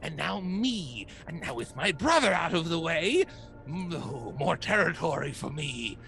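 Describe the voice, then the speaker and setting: A man's voice: a little high, big pitch swings, a little slow, gravelly, bright, forceful tone, faint music behind, voice pushed up, exaggerated voice. A man doing a smug scheming crime heiress. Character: scheming female crime heir gloating by hologram.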